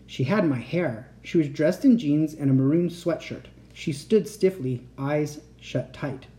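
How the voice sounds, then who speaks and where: A woman reading a chapter book aloud in an expressive, dramatic storytelling manner. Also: sits low, measured pace.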